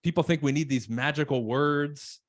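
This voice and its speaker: A man coaching on sales calls in casual podcast chat, emphatic, acting out nervous callers in quick voices. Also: on the high side, no echo, clean studio sound. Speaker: real estate coach.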